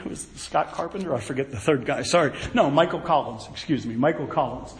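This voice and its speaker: A man preaching a sermon, folksy and animated, with storytelling asides. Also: on the high side, brisk, hardly any pauses, roomy sound, a little hiss or hum, poor audio.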